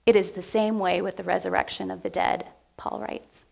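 A woman pastor preaching a heartfelt sermon to her church, speaking with emotion and deliberate pauses. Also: fairly low pitch, level tone, gravelly, a little mellow. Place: church sanctuary.

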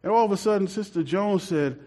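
A man's voice: high-pitched, a little fast, warm tone. A man telling a rambling church story in a casual, laughing way. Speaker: church member telling a testimony.

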